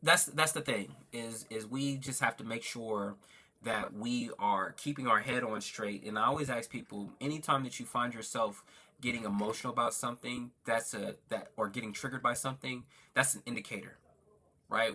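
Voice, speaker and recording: A man's voice: mid-range voice, normal speed, bright, forceful tone, husky. A man hosting a casual livestream, reading out viewer comments and thanking them in an earnest, preacherly way, talking into a phone. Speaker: livestream host.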